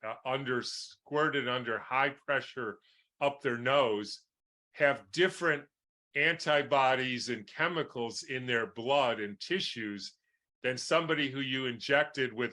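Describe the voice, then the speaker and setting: Slow, bright-voiced man explaining. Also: medium pitch. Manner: explains with homely analogies, keeps asking "right?". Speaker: guest doctor. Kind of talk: interview answer.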